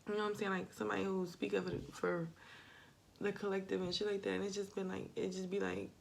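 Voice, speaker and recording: A woman's voice: medium pitch, level tone, quick pace, vocal fry, slight background noise. A woman, talking through a casual, rambling confessional monologue, swearing freely. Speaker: spiritual vlogger.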